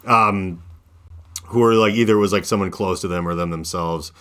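Male podcast host, 30s, lowish voice, loose rambling storyteller full of fillers. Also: moderate pace, fairly bright tone. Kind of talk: casual chat.

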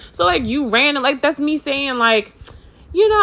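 Animated, high-voiced woman telling a storytime. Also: a little fast. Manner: profane, rambling, filler-heavy; animated, acts out both sides. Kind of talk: casual storytime chat.

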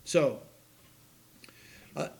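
A man's voice: drawn-out words, a little mellow. A man in his sixties, a pastor, preaching a sermon with folksy, self-deprecating stories and laughing at his own tales.

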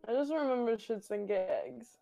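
A woman's voice: a little high, normal speed, gravelly, dark tone. A chatty woman whose accent drifts between British and Australian. She talks loosely and laughs often. Faint music plays underneath her. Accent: mixed British and Australian. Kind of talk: casual chat.

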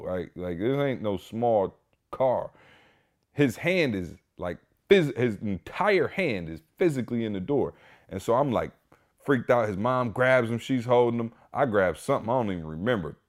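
A man hosting a podcast, telling a story in a casual, animated way, emphatic and full of "like" and "y'all". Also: medium pitch, normal speed. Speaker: podcast host.

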